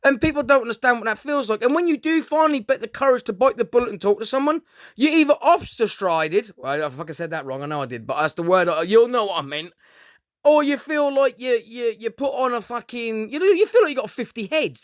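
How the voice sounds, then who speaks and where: A man's voice: very high voice, sing-song, fast talker, no room sound, studio quality. A man ranting in a rambling, casual monologue, swearing a lot and often calling his listeners "guys". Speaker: vlogger. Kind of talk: casual unscripted monologue to camera.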